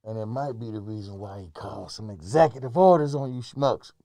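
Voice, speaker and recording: A man's voice: on the low side, brisk, warm tone, no room sound, close to an everyday voice. A man playing a boastful older male hustler character in an improvised comedy bit, trading insults. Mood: combative. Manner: boastful, combative trash talk. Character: self-styled older masked male hustler, brash.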